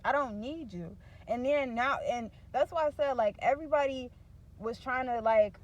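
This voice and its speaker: A young woman speaks candidly to her viewers. She is blunt and profane and vents in frank, unfiltered words. Her voice sits a little high. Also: fairly quick, a little mellow, muffled recording, slight background noise. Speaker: vlogger. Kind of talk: candid talk to camera.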